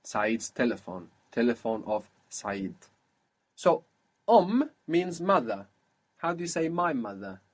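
A man teaching a one-on-one spoken language lesson, patiently explaining and modelling words slowly. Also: medium pitch, sing-song, husky.

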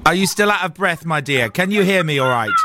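A man's voice: a little high, animated, normal speed, very noisy. A man hosting a school community radio show, chatting enthusiastically and exclaiming often.

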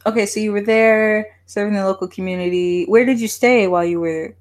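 A woman's voice: mid-range voice, fairly even intonation, fairly quick. Hesitant, friendly female interviewer. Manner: hesitant, many fillers and restarts, soft laughs. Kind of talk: casual conversational interview.

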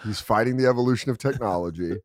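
A man's voice: mid-range voice, fast talker, dry recording, clean studio sound. A man hosting a comedy podcast, talking crudely and acting out quotes in silly voices. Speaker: podcast host. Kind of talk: casual comedy chat.

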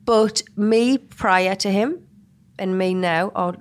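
Geordie woman in her thirties, podcast guest, soft and reflective, mid-pitched. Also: takes it slowly. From England. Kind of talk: casual chat.

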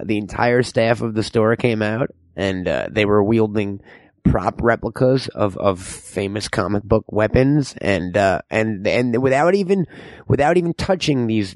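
A man's voice: fairly low pitch, dry recording. Rambling mock-somber man, dry voice. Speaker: comedy ad reader. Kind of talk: comic storytelling ad read.

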